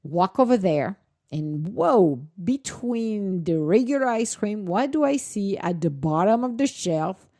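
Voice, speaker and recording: A woman's voice: mid-range voice, lively intonation, measured pace, warm tone, no echo, clean studio sound. A woman chatting casually in a vlog, telling stories animatedly, with laughter and acted-out quotes. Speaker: vlogger, dog owner. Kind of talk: casual chat.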